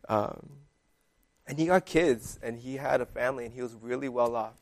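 A man's voice: mid-range voice, moderate pace. A young man giving a casual, conversational sermon that is full of fillers. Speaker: preacher.

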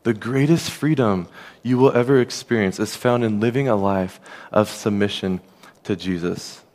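A man preaching a sermon as a pastor, earnest and conversational, dropping softer on key phrases. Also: fairly low pitch, normal speed.

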